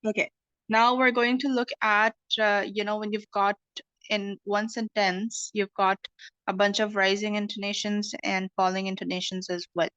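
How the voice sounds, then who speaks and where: Woman English teacher, online class, calm and explanatory, muffled dry audio. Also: mid-range voice, normal speed, no room sound. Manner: patient, explanatory, frequent "okay" checks.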